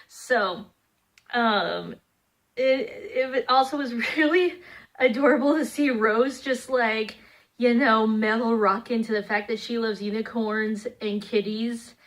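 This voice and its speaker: A young woman chatting casually into her camera, reviewing episodes she just watched. Her voice sits a little high, and she talks in an animated way, often dropping into playful quoted voices. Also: unhurried. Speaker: vlogger reviewing a cartoon series. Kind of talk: casual reaction chat.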